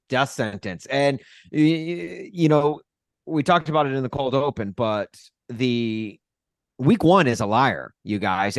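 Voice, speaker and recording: A man co-hosting a sports podcast, telling stories in a rambling, exasperated, animated way. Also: mid-range voice, dry recording. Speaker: podcast co-host. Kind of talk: casual sports podcast chat.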